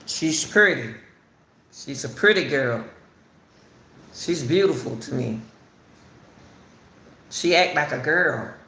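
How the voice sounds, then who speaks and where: A woman's voice: low voice, lively intonation, takes it slowly, long pauses, a bit bright. A woman hosting casual spoken commentary on a case, talking repetitively and emphatically straight to her viewers. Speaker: commentary channel host. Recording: roomy echo, faint background noise.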